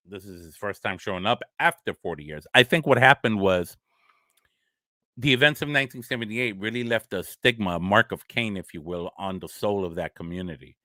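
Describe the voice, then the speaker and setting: A man talks through a horror film in a casual live chat. He acts out scenes and laughs a lot. His voice sits low but sounds bright and forceful, with a dry, close sound. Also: no room sound. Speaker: horror show host.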